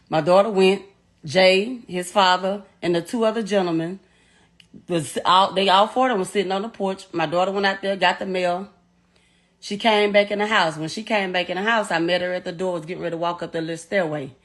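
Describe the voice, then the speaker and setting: Blunt middle-aged woman, raw retelling. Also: medium pitch. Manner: blunt, profane, halting retelling. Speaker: mother telling her story. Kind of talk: emotional first-person account.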